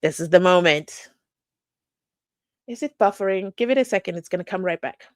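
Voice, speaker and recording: Animated woman hosting a stream. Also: fairly low pitch, normal speed, no room sound. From South Africa. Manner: animated, reading viewer comments aloud. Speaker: live-stream host. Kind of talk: casual live-stream chat.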